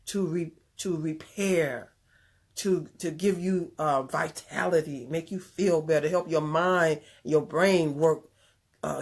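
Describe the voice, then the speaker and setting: In the Chicago area, a woman with a slightly low voice relaxes into telling a personal story conversationally. She's animated and earnest, occasionally drifting into preachy asides.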